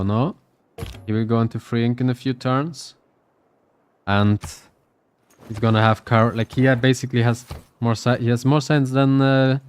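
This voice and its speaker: A man's voice: medium pitch, smooth. A man casting a live strategy game match, giving loose, thinking-aloud play-by-play. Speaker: esports caster.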